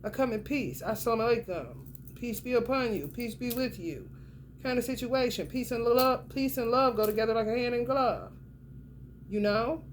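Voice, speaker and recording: Woman doing a tarot reading, kinda high voice, blunt and cussing a lot, talks right at you. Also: normal speed, slight background noise. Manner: blunt, profane and emphatic, talks straight to the viewer. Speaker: tarot reader. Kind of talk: casual tarot reading monologue.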